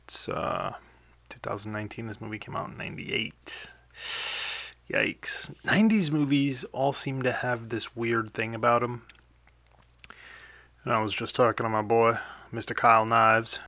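A man's voice: mid-range voice, fairly even intonation, moderate pace, sharp tone, dry recording. A young man hosting a casual podcast, rambling through a movie review with lots of fillers and small chuckles.

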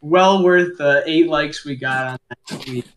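A young man co-hosting a casual podcast, laughing often as he runs through quick grunts and death-cry impressions. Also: fairly high pitch, slight background noise. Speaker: podcast co-host. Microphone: home microphone.

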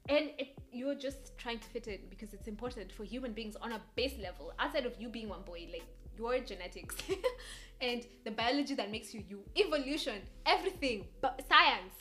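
This young Kenyan podcast host chats casually by herself in a Kenyan English accent that drifts American. Her slightly high voice is expressive, pushed and bright, at a normal speed, as she rambles, hops around between thoughts, and frequently laughs.

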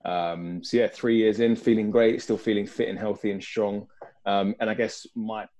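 Thoughtful London man, mellow low voice, speaking as a guest on a video call. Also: steady tone, normal speed. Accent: London English. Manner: reflective, earnest, thinks aloud. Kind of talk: casual video-call conversation.

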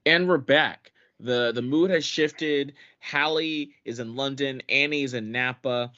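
A man's voice: mid-range voice, slow pace, pushed and bright. A man hosting a podcast in casual chat, blunt and full of hesitant fillers. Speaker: podcast host. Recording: dull lo-fi podcast audio.

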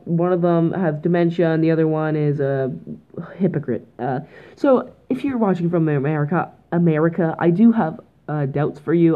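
Teen Canadian girl, low-voiced, goofy solo podcast host, rambling, phone-quality audio. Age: teens. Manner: goofy, rambling, mock-dramatic. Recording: tinny phone-like home mic.

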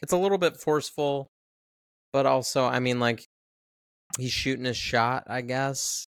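A man co-hosting a podcast in casual chat about a film, relaxed and full of fillers. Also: mid-range voice, moderate pace, clean tone, no echo, studio quality. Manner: relaxed, many fillers like "um" and "you know". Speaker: podcast co-host.

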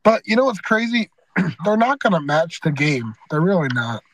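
A man's voice: fairly high pitch, very animated, moderate pace, a bit bright, rough recording. A young man hosting a podcast with friends, loose and joking, laughing often. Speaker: podcast host. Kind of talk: casual podcast chat with friends.

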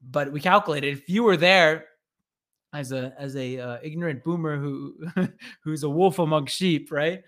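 A man's voice: on the high side, normal speed. A man hosting a podcast, telling a rambling comic story with swearing, recorded remotely through an online studio. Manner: rambling, animated, swears freely. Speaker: podcast host. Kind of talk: casual comedic storytelling.

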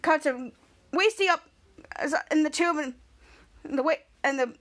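High, bright-voiced woman recapping a show. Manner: halting, repetitive narration with restarts. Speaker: podcast host. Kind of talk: scene-by-scene TV episode recap.

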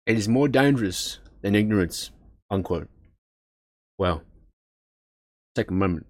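A man's voice: on the low side, animated, unhurried, no echo, studio quality. A man reading text aloud with frequent stumbles and self-corrections, breaking off into casual asides. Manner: stumbles over words, swears and laughs at himself; reads aloud, then breaks into chatty asides.

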